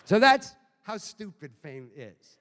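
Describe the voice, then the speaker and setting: A middle-aged man from telling profane, animated comic anecdotes at a book event. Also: sits high, takes it slowly. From Boston. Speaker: author guest. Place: bookstore event hall. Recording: reverberant hall, live audience.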